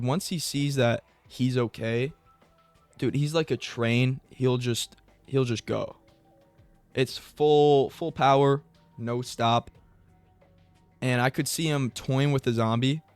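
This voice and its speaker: A young man riffing loosely on his own, swearing often and rambling from one thought to the next. His voice is smooth and clear, recorded close and dry with faint music underneath. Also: no room sound. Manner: rambling and profane, with bursts of high excited mock voices. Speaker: MMA commentary YouTuber. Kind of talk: casual solo commentary.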